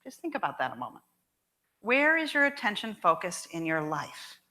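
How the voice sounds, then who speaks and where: A woman minister preaching a sermon in a church, emphatic and expressive, repeating key lines slowly for weight. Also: mid-range voice. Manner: emphatic and expressive, with measured repetition. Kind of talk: sermon with storytelling. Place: church sanctuary.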